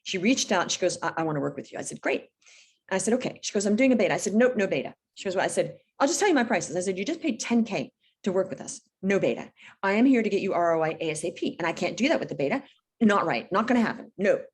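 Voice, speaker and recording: A middle-aged business coach, appearing as a guest on a casual podcast interview, tells stories bluntly and emphatically, acting out the conversations. Her medium-pitched voice is husky, very animated, and quick.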